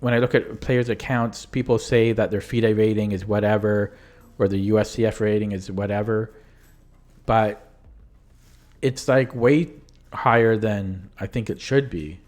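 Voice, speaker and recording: A man's voice: on the low side, steady tone, a little slow, a little mellow. A young man who is losing his voice, talking casually through his own chess tournament games on a live stream. He rambles, stops to correct himself and lets sentences trail off.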